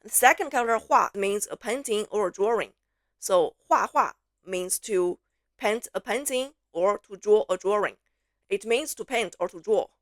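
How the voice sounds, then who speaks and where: A woman teaching pronunciation, slowly repeating syllables and words for learners to copy, switching between English explanations and drills. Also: medium pitch, expressive, dry recording, studio quality. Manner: slow, clear repetition, drawn-out syllables for learners. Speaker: Mandarin teacher.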